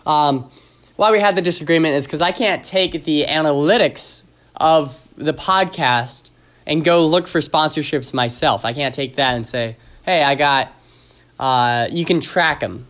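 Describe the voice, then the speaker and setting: A man's voice: a little high, measured pace, fairly bright tone. A man hosting his own podcast in a casual, rambling, joking chat, full of fillers and restarts. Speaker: podcast host.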